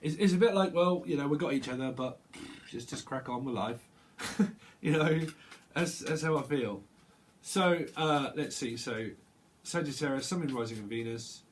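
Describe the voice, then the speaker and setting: A man's voice: mid-range voice, moderate pace, slight background noise. A man giving a casual tarot reading, chatty and rambling, full of fillers and restarts. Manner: acts out little quoted voices, bursts of laughter. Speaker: tarot reader.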